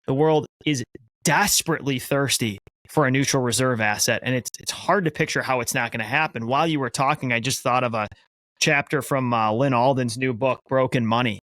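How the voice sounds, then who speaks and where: A man's voice: mid-range voice, fairly quick, a bit bright, no room sound. A man co-hosting a podcast, responding earnestly in casual conversation. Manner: earnest, reads a quoted passage aloud. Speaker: podcast co-host.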